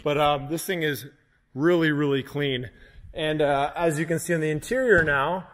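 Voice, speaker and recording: A man giving a casual walk-through of his car protection shop, relaxed and chatty with lots of "uh" fillers. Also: on the high side, normal speed, long reverb tail. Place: large car workshop.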